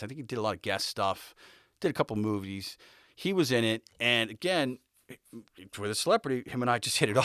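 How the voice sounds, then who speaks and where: A man hosting a podcast, telling stories from his past in a casual, animated way and acting out the people in them. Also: on the low side, dry recording, clean studio sound. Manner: animated storyteller acting out quoted voices, laughing; swears casually. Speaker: podcast host. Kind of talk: casual storytelling.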